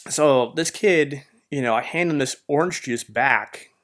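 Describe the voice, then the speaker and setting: A man's voice: medium pitch, a little slow, fairly bright tone. A man hosting a podcast, telling his personal faith testimony in a rambling, heartfelt way full of "man" and "you know". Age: adult with a marriage behind him. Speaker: podcast host.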